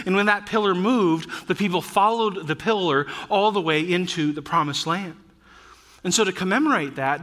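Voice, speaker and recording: A man preaching a sermon to his church, animated, swinging between loud emphasis and hushed asides and joking with the congregation. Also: on the high side. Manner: jokes with the congregation and laughs at his own asides. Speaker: pastor.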